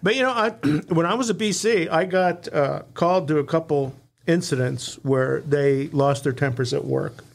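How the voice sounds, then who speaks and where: A man's voice: on the high side, normal speed, creaky. A man who was a fire officer, chatting easily on a podcast and agreeing with his co-host. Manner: easygoing, chimes in with agreeing asides. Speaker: podcast co-host, former battalion chief. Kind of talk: casual chat.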